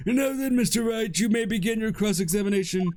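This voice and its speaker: Man plays formal older judge, pitched up, proper. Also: fast, darkish tone, natural voice. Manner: raised, formal, proper delivery.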